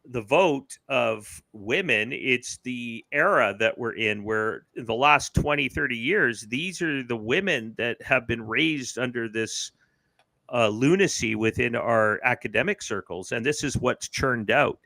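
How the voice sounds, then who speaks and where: A man's voice: mid-range voice, unhurried, creaky, bright, forceful tone, dry recording, low-quality recording. A man from Canada hosting a political livestream, ranting sarcastically over a webcam mic. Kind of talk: political commentary rant.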